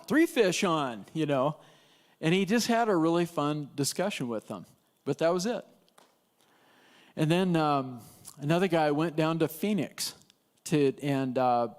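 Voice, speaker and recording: A man teaching an evangelism class at church, telling stories in a chatty way with laughs and restarts. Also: on the high side. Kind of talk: casual storytelling lesson.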